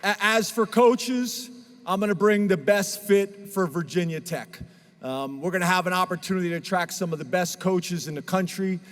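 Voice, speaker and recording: A man's voice: high voice, normal speed, fairly bright tone. A man speaking as a head football coach at a press conference, talking in an earnest and emotional way. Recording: reverberant hall sound.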